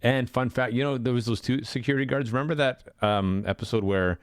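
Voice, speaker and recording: A man's voice: mid-range voice, brisk, clean tone, dry recording, clean studio sound. A man co-hosting a casual podcast, chatty and rambling, laughing often and swearing casually. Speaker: podcast co-host. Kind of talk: casual chat.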